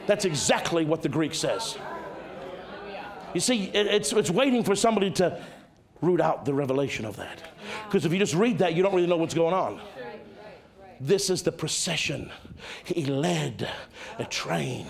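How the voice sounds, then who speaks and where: A male pastor preaching a sermon, dramatic, swinging from loud exclamations to hushed tones. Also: high voice, moderate pace.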